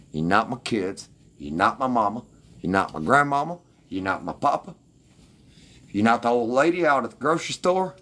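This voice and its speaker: A man's voice: mid-range voice, fairly bright tone. A man ranting defensively and with heavy profanity at his livestream commenters.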